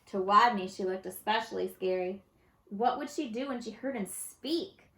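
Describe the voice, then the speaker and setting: A woman's voice: mid-range voice, normal speed. A woman expressively reading a children's picture book aloud, recorded in an echoey room. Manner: expressive, lively storybook reading. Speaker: storyteller.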